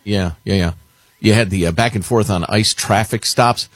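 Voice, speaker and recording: A man's voice: lowish voice, normal speed, dry recording. A man hosting a political talk radio show, chatting casually with a wry, sardonic edge.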